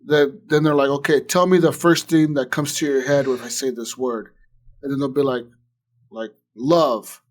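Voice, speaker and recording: In casual chat, a podcast co-host rambles through a retelling packed with "like" and swearing, acting out what others said. His mid-range voice holds a steady tone at a moderate pace.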